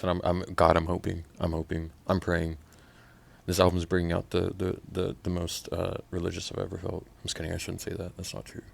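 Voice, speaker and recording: Talking a little fast, the host reacts to a new album one track at a time in a gravelly, very deep voice thick with vocal fry. He's from Oklahoma, curses a lot, and alternates between soft mumbled remarks and sudden loud, thrilled outbursts.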